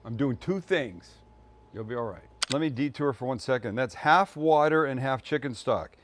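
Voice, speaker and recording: A middle-aged man hosts a cooking show in a relaxed, chatty way, explaining each step as he cooks. His voice sits at an ordinary male pitch, and he keeps it upbeat and jokey. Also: normal speed, slight background noise. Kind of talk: casual cooking demonstration.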